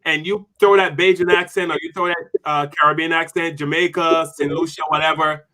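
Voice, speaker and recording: Casting note: male show host, slightly high voice, bright and lively, dry close sound. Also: brisk, no echo, poor audio. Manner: animated, reads viewer comments aloud. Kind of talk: casual panel discussion.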